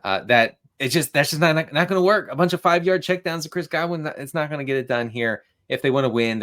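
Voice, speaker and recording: A man analyzing football on a podcast, steady and full of statistics. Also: lowish voice. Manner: steady, stat-heavy, measured. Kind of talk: casual sports analysis.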